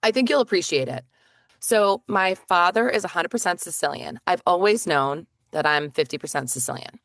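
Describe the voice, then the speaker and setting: A woman co-hosting a podcast, telling stories in casual chat with quick asides and lots of fillers. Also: on the low side, lively intonation, vocal fry, a bit bright, no room sound, studio quality. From northeastern United States. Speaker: podcast co-host.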